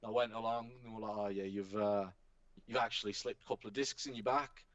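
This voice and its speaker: A man's voice: on the low side, fairly quick, no room sound. Man telling stories. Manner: animated storytelling, casual swearing. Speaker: professional wrestler guest. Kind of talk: casual podcast chat. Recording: dull, dry podcast recording.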